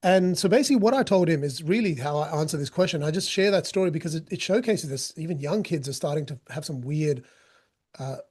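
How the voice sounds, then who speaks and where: A man's voice: a little high, expressive, fast talker, darkish tone, husky. A man, a guest telling stories in a candid, joking, rambling way. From Australia. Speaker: guest, street interviewer. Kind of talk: casual storytelling interview.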